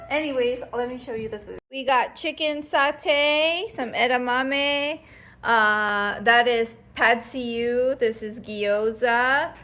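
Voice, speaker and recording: In her family home, a woman in her thirties vlogs casually into her phone camera, laughing a lot and teasing in a playful way. She speaks slowly, and her somewhat high voice is animated and a touch bright.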